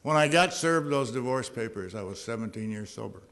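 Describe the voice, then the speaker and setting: Animated and brisk, with a gravelly, slightly bright, medium-pitched voice, the middle-aged speaker recounts his recovery at a meeting podium. Earnest at heart, he sometimes slips into dry, wry humor.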